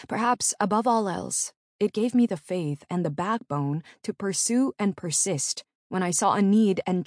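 Low-voiced woman reading her memoir. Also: darkish tone, no room sound, clean studio sound. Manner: earnest, measured storytelling. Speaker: memoir narrator. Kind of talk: audiobook memoir narration.

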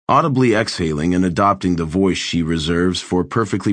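A man with a deep, low voice reads an audiobook in a measured, wry way. The sound is close and dry, with no room around it. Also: a bit bright, no room sound. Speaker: audiobook narrator. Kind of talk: scripted audiobook narration.

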